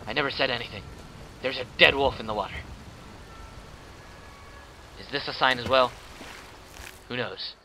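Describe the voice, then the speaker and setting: A man's voice: medium pitch, normal speed, pauses often, pushed and bright, slight background noise. A man casually commenting on his own gameplay, joking and talking to himself. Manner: playful, jokey, talks to himself. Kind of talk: casual let's-play commentary.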